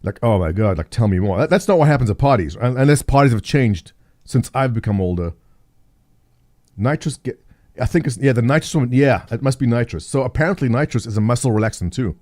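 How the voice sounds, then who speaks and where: A middle-aged man hosts a live stream, talking fairly quickly with lively intonation in a darkish, mid-range voice. Casual and jokey, he rambles, thinks aloud, and reads viewers' chat messages.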